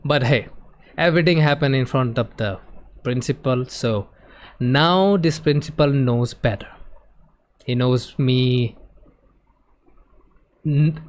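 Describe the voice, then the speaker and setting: A man streaming, telling a personal story in an emotional, animated way and acting out the other people's voices. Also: medium pitch. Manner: emotional, animated retelling that acts out quoted voices. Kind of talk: casual storytelling on a live stream.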